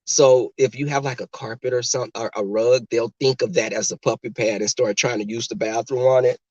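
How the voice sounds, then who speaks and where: Man hosting a casual car livestream, talking straight to the chat, mid pitch, slightly muffled dry audio. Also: steady tone, a little fast, no room sound. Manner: chatty, talks straight to the chat. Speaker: livestream host chatting with viewers.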